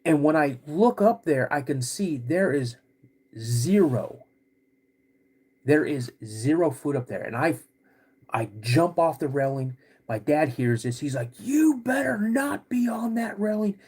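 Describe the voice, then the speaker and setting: A man hosting a podcast, vividly retelling a personal story in a halting way, with many restarts. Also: mid-range voice, expressive, darkish tone, breathy edge. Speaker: podcast host.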